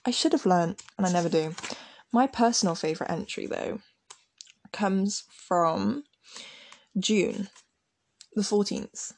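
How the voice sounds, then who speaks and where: A woman's voice: mid-range voice, slow, long pauses, darkish tone. A young woman in casual chat, reading out old diary entries with giggly, self-mocking remarks.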